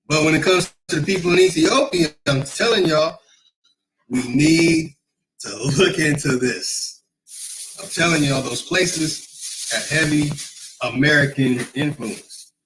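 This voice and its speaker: A man's voice: a little high, fairly bright tone, a little hiss or hum, rough recording. A man hosting a casual livestream, talking in a rambling, emphatic way, often repeating himself and reading comments from the chat. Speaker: livestream host.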